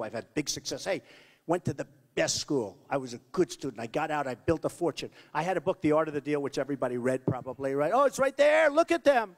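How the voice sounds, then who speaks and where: Male candidate, boastful, repetitive rally patter, high and lively pitch, long hall reverb. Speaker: political candidate. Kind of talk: off-the-cuff campaign rally speech. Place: large rally venue.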